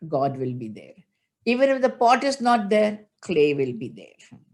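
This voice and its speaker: A woman's voice: fairly low pitch, a little mellow. Older woman spiritual teacher, emotional storytelling sermon, chants scripture. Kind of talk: religious discourse.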